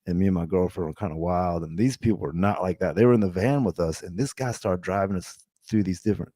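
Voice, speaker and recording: A man's voice: sits low, fast, dark tone, dry recording, clean studio sound. A man in his fifties, a podcast host telling a story in a loose, rambling way with many restarts. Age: 50s. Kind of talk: casual storytelling.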